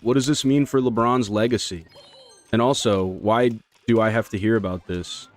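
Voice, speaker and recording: A man's voice: fairly low pitch, fairly even intonation, normal speed. A man chatting casually on a live stream while playing, rambling and slangy. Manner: rambling, slangy, laid-back. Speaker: speedrun streamer.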